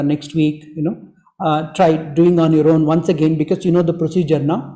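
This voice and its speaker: Man, high mellow voice, gentle, repetitive, breathwork teacher, echoey room. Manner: gentle, repetitive, fills with "you know". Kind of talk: online group workshop talk.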